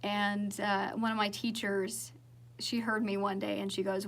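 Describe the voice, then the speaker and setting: A woman's voice: mid-range voice, steady tone, measured pace. A young woman with a Southern accent chatting casually with viewers on a livestream, rambling with fillers and restarts. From Southern United States. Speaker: singer-songwriter livestreaming.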